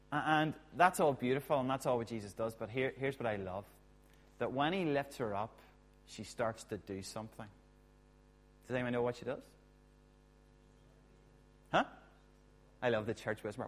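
Guy preaching, chatty and jokey, lots of little asides. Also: medium pitch. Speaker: pastor. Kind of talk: sermon.

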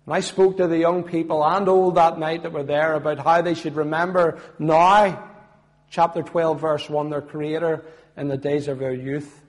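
A middle-aged man with a Belfast accent tells his testimony as a sermon, earnest, swelling loud on points of faith and then dropping low and soft. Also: flat delivery, moderate pace. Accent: Northern Irish, Belfast. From Northern Ireland. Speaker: former footballer giving testimony.

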